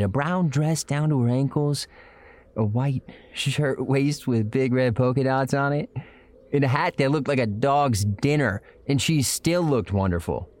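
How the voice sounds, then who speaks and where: A man's voice: medium pitch, darkish tone, close to an everyday voice. An actor playing an earnest young man who narrates his own time-travel adventure in a folksy, colloquial way and stammers when flustered, in old-time radio drama style. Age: young adult. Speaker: narrator and lead character.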